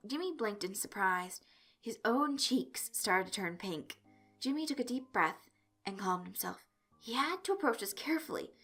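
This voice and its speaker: A woman's voice: medium pitch, animated, normal speed, bright, forceful tone, faint music behind. Woman reading fan fiction aloud. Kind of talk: amateur story reading.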